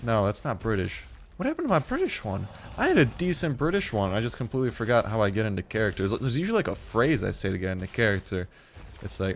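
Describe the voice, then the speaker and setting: A man's voice: fairly low pitch, very animated, quick pace, a little hiss or hum. A young man giving upbeat, chatty gameplay commentary as a gaming YouTuber, talking to the animals on screen.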